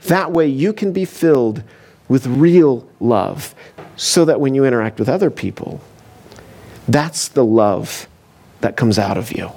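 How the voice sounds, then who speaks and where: A man's voice: mid-range voice, lively intonation, unhurried, creaky, a little mellow. A man preaching a conversational sermon as a pastor, telling the story casually with frequent asides and fillers. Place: church.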